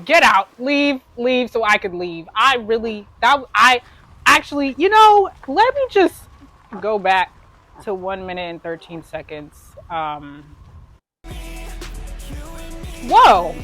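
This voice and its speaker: A woman hosting a casual music video reaction, excitable and teasing, exclaiming often. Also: medium pitch, dry recording. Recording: faint music in background. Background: music video playing faintly.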